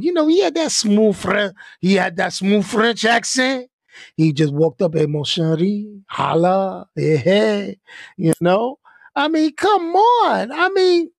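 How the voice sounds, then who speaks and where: A man giving live-stream commentary in an animated way, stopping often to add "okay?" and "all right?" for emphasis. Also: sits high, no room sound, clean studio sound.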